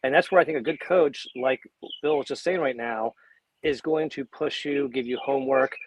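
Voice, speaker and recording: A man's voice: mid-range voice, normal speed, a little hiss or hum, rough recording. A man who works as a coach, talking casually on a panel in a chatty, self-deprecating way and laughing often.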